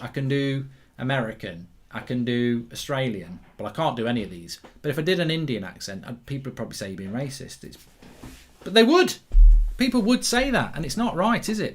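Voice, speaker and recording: A man hosting a live football watchalong, reacting excitably to the play and reading out viewer comments. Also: medium pitch. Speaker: host.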